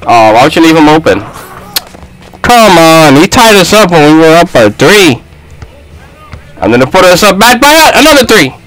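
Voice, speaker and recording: Excitable high-voiced man trash-talking a game. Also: normal speed, pauses often, rough recording. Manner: excitable trash talk at teammates. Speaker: gaming YouTuber. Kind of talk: live gameplay commentary.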